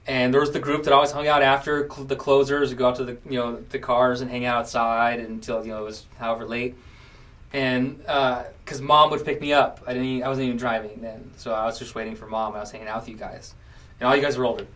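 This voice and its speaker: A fast-talking man in his late twenties with a mid-range voice hosts a casual podcast chat, picked up by a far-off mic. He's an animated storyteller who slips into acting out the quotes.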